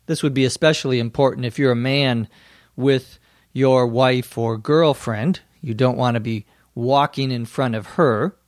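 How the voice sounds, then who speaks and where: A male teacher explains English phrases to learners, speaking slowly and clearly. He sounds close to the mic in a dry room with no echo. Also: medium pitch. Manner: slow, clear explaining with acted example lines. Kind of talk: scripted explanation for language learners.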